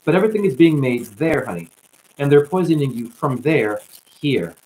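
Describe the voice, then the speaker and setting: A man hosting a loose livestream, talking in a preachy, rambling way. His voice jumps from loud bursts down to low mutters. Crackling static runs under the whole recording. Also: very animated, moderate pace. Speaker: livestream host.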